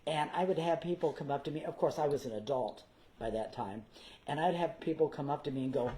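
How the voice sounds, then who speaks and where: A man, a guest performer, telling theater anecdotes in a casual interview, animated and theatrical. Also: a little high, brisk, rough recording. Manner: animated, theatrical, slips into character voices.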